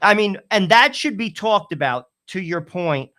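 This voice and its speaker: A man co-hosting a political talk show, answering in a measured way with fillers. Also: sits high, expressive, sharp tone. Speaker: co-host. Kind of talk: political commentary chat.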